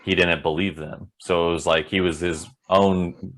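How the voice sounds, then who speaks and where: Deep-voiced laughing podcast man. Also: steady tone, moderate pace, a bit bright. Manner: laughs a lot, playful. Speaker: podcast co-host. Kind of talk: casual podcast recap chat.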